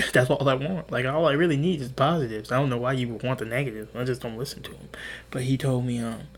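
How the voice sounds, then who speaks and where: A podcast host in his twenties tells rambling, profane stories in a casual monologue, restarting often and acting out quotes. He's a fast talker with a medium-pitched, steady, slightly bright voice.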